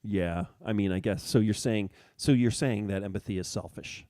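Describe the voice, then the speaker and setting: A man's voice: on the low side, normal speed, dark tone, no room sound. A man co-hosting a casual political chat, rambling and hesitant as he searches for words. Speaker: podcast co-host.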